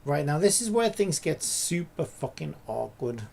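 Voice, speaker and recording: Casual male streamer, slightly high, gravelly voice, rambling think-aloud delivery, faint typing behind. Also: very animated, normal speed, darkish tone. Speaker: streamer and indie game developer. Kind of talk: casual live-stream commentary while coding.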